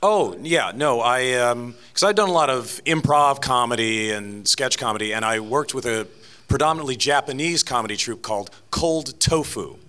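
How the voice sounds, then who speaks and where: Speaking at a normal speed with a medium-pitched voice, a guest voice actor fields interview questions at a convention panel. He's animated and talkative, laughing often and restarting as he goes.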